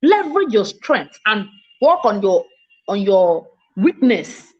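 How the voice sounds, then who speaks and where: A woman from Nigeria with a Nigerian English accent, giving a fast, emphatic, self-assured online mentoring talk as a coach. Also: mid-range voice, big pitch swings, husky, highs cut off. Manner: speaks fast, by her own account.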